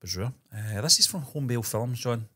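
A man's voice: medium pitch, animated, fairly quick, pushed and bright. A man from the United Kingdom co-hosting a video reaction chat, easygoing and chuckly, getting over a chest cough. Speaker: co-host of a reaction channel.

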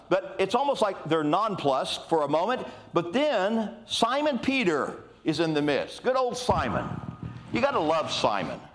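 An older man delivering a church sermon, talking to the congregation in an easy, conversational way. His voice sits a little high, and its pitch swings widely as he makes his points. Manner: animated, conversational preaching with asides. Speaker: preacher.

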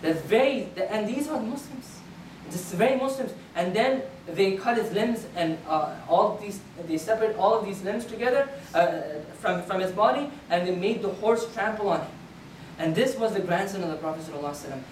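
A man's voice: high voice, lively intonation, a little fast. A man giving a Friday sermon, earnestly retelling a historical account and often restarting his sentences. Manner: earnest storytelling with frequent restarts. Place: prayer hall of a community center. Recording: roomy hall, speaker far from the mic, faint background noise.

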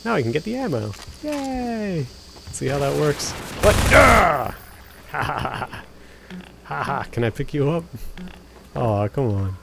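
Gravelly young man joking over gameplay. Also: medium pitch, animated, normal speed, pauses often. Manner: jokey, chatty, talks to enemies. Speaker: let's play gamer. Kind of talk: casual game commentary. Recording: game noise under voice.

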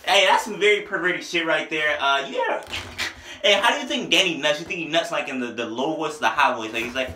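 A man reviewing an album in a casual, rambling way, excitable and full of slang, with a headache. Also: on the high side, brisk, background noise. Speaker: music reviewer. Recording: echoey room.

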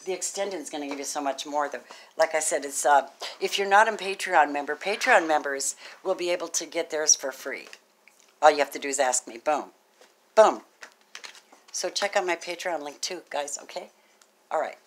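Woman, low deep voice, tarot reader, gushing and excitable, loud then hushed, faint hiss behind. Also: a little fast. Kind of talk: casual tarot reading to camera.

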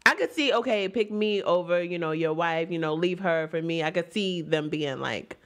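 A woman's voice: fairly low pitch, normal speed. A woman co-hosting a podcast, chatting casually and acting out scenes with lots of laughter. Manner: animated, laughing, acts out scenes. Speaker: podcast co-host. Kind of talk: casual recap chat.

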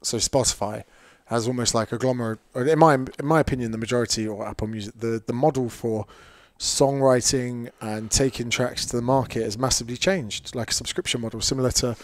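A man's voice: medium pitch, fairly even intonation, a little fast, few pauses. A man hosting a podcast who asks long, rambling questions and laughs easily. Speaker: podcast host. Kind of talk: casual chat.

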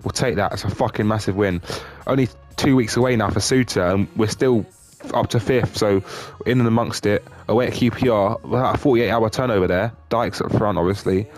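A man commentating on his own football game, swearing a lot and swinging between glum muttering and excited shouting. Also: fairly low pitch, brisk, soft background music. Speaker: gaming YouTuber.

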